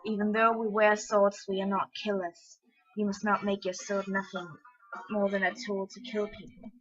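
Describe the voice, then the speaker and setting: A woman reading a calm, wise samurai. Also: mid-range voice, close to an everyday voice. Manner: calm, measured, lecturing. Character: calm, wise male samurai, gently stern. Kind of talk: amateur dramatic reading. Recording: dull lo-fi with faint music.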